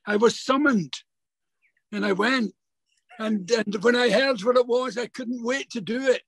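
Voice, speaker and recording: Older male actor guest, unusually high pitch, chatty and stumbling storyteller. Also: no echo, poor audio. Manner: halting, repeats words, animated anecdotes. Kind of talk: remote interview, casual storytelling. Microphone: video call.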